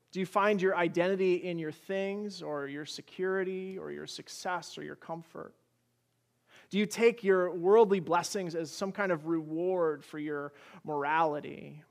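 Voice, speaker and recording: Earnest high-voiced man preaching. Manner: earnest, pleading, stacked rhetorical questions; gentle and personal, shares family stories. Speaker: pastor. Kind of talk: sermon.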